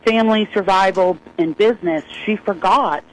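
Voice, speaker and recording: A woman in her sixties, a singer-songwriter guest, telling a story in a folksy, lively way and laughing often. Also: medium pitch, moderate pace, slight background noise, poor audio. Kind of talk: animated storytelling.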